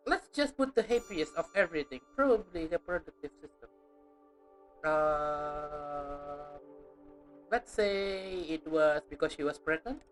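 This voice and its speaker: A woman streaming a game, chatting casually with playful, jokey asides. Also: low-pitched. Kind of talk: casual live-stream commentary.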